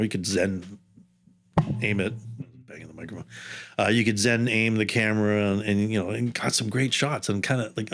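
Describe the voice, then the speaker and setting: Rambling man in his fifties, lowish voice. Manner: rambling, jumps around in time with asides. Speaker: underwater camera operator, podcast guest. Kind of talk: casual storytelling interview.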